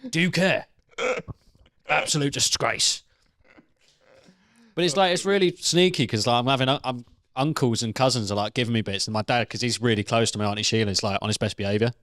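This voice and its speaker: A man's voice: medium pitch, quick pace, fairly bright tone, dry recording. A young man co-hosting a comedy debate podcast, telling rambling stories with plenty of swearing and laughter. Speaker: co-host. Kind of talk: casual comedy debate chat, anecdotes.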